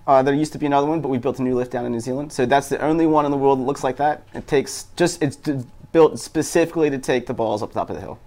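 A man from Baltimore answers questions as a guest on a morning show. He explains things plainly and matter-of-factly, in a middle-pitched voice. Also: fast talker, darkish tone. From Baltimore, USA. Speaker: guest, park owner. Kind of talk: casual interview.

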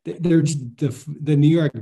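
A man's voice: a little high, steady tone, warm tone, husky. A man co-hosting a podcast, chatting easily about baseball, asking questions between fillers. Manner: easygoing, asks questions, drawn-out fillers. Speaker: podcast co-host. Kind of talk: casual chat about baseball.

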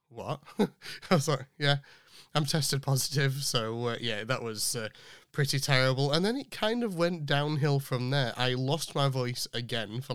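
A young man hosting a podcast, chatting casually and rambling with fillers, his voice still a little rough from recent illness. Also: medium pitch, fairly bright tone, dry recording, studio quality. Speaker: podcast host. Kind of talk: casual chat.

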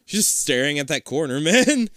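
A man with a slight lisp, talking in a dry, close sound with no room echo. His pitch runs a little high and swings widely as he laughs, swears and wanders off topic. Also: sing-song, moderate pace, bright, forceful tone. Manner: laughing, profane, easily sidetracked. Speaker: co-host reading a choose-your-path book aloud. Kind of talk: casual chat and reading aloud.

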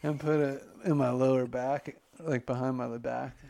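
A man with a gravelly, creaky edge, co-hosting a laid-back podcast. He talks loosely and jokes along, dropping the odd curse word. His pitch sits in an ordinary middle range. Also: level tone, normal speed, dark tone. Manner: loose, joking, swears casually. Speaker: podcast co-host. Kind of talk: casual chat.

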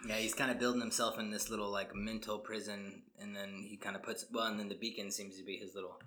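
A man's voice: lowish voice, flat delivery, fast, sharp tone. A man co-hosting a book discussion podcast, rambling casually and filling his talk with "like" and "you know". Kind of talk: casual chat.

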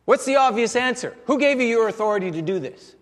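Guy with a high voice giving a sermon, chatty storyteller, chuckles a lot, long hall echo. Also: animated, quick pace. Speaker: pastor.

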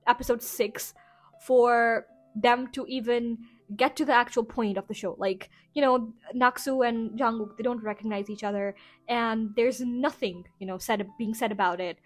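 A woman's voice: on the high side, steady tone, moderate pace, faint music behind. A woman hosting a casual rambling review show, chatty and full of filler phrases. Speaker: podcast host.

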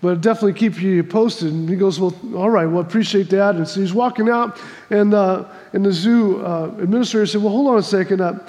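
A man's voice: high-pitched, a little fast, darkish tone, long reverb tail. A man preaching a sermon, telling a folksy joke before reading scripture, with many restarts and repeats. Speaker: pastor.

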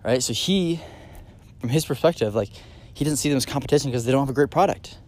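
A man's voice: mid-range voice, quick pace, a little mellow. Male podcast host, solo monologue; casual, filler-heavy, eager emphasis on key points. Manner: casual, rambling, many fillers and restarts.

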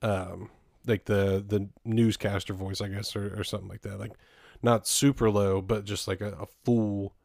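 A man's voice: on the low side, level tone, moderate pace, creaky, hardly any pauses, a little mellow, no room sound, studio quality. A man co-hosting a casual podcast, rambling with frequent laughs and casual swearing. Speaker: podcast co-host.

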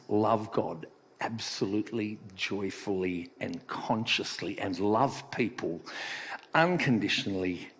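A man preaching a sermon in a conversational storytelling manner, with echoey hall reverb. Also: breathy edge. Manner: conversational storytelling, sometimes soft and low.

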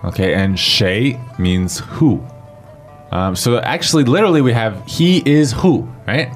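Relaxed male lesson co-host. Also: medium pitch, unhurried, faint music behind. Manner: relaxed, explanatory, uses um. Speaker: podcast co-host. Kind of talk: casual lesson explanation.

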